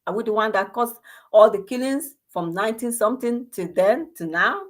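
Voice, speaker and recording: A woman's voice: fairly high pitch, animated, moderate pace. Impassioned Nigerian woman with rhetorical questions. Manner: rhetorical questions, many restarts, switches into Igbo. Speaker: commentator on a personal channel. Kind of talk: impassioned monologue.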